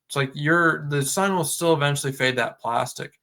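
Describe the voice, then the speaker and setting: A man's voice: a little high, moderate pace, vocal fry. A man co-hosting a casual podcast, talking loosely with many fillers and acting out customer conversations. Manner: relaxed, lots of filler words, acts out customer dialogue. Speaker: podcast co-host.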